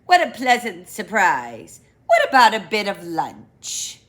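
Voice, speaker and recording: A woman's voice: medium pitch, wildly swooping pitch, slow. Woman voicing a polite storybook rabbit. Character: friendly rabbit host in his burrow.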